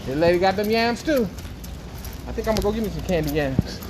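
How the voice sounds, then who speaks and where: Shopping in an indoor supermarket, a man vlogs casually, teasing and joking with strangers and chatting up passers-by in a playful way. His voice sits high and is expressive, moving at a quick pace, with a noisy store in the background.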